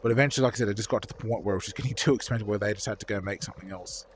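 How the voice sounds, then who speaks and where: A man's voice: fairly low pitch, rapid-fire, slight background noise. A young man streaming while painting models, chatting casually with viewers in a rambling, profane way with lots of fillers.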